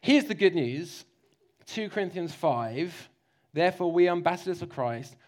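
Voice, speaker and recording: A man preaching a sermon. He talks in a lively, joking way and acts out little mock voices. His voice sits a bit high. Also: moderate pace.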